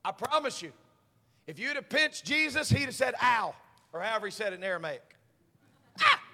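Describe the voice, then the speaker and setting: A man delivers a fervent Pentecostal sermon in a high, bright, ringing voice. His preaching swells into shouts, and his words trail off into the long reverb of a church sanctuary. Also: sing-song, a little fast. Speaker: pastor.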